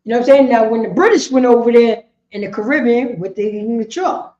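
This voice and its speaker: High-pitched woman running a class, roomy, muffled recording. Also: a little fast, dark tone. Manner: keeps asking "you know what I'm saying?". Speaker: class leader. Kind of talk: informal group lesson, questioning the class. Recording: echoey room, dull muffled sound.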